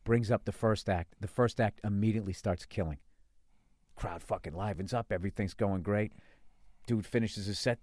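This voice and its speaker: A man hosting a podcast, telling profane comedy war stories in a casual, animated way and acting out other people's lines. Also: lowish voice, moderate pace, dry recording, studio quality. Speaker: podcast host.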